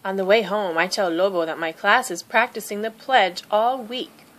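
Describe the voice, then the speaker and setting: A woman reading a children's picture book aloud, narrating softly in the first person as a young girl. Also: medium pitch, moderate pace. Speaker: storybook reader.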